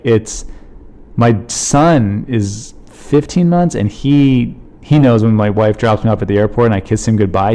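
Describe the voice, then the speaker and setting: Mellow-voiced rambling comedian man. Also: lowish voice. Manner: rambling, heartfelt, filler-heavy. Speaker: comedian podcast host. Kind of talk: casual solo podcast monologue.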